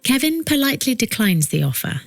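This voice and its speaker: A woman narrating a documentary podcast from a script, with a measured delivery that builds suspense. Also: fairly high pitch, sing-song, dry recording, soft background music.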